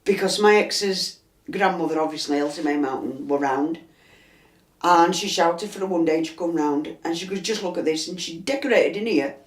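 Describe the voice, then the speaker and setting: A woman's voice: on the low side, moderate pace. An older woman with a Yorkshire accent and a chesty cough, telling a story inside her house and acting out the dialogue as she goes. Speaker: resident interviewee. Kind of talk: storytelling interview. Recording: roomy echo.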